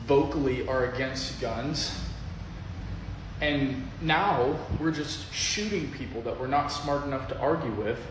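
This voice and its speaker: An exasperated man rants in a reaction video, stammering as his anger builds. He sits away from the mic in a very echoey room with clear noise behind him. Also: a little high. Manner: exasperated, stammering, mocking impressions. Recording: echoey and noisy from far off.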